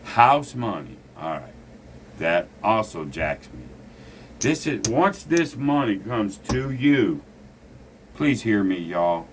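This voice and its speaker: A man's voice: lowish voice, very animated, takes it slowly, pauses often, a little hiss or hum. A man teaching a casual craps lesson, blunt and preachy, swearing freely. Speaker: gambling instructor.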